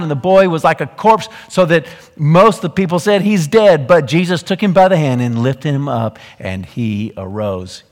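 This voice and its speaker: A man preaching a sermon, telling the story dramatically and swinging between loud and soft, in a church hall. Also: fairly high pitch. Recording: long hall reverb.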